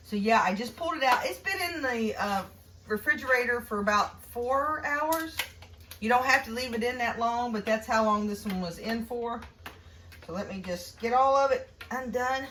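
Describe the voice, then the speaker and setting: Middle-aged woman, chatty folksy cooking talk, bright higher voice, a little off-mic in a home kitchen. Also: distant mic, a little hiss or hum. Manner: chatty and folksy, laughs often. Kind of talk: casual cooking demonstration.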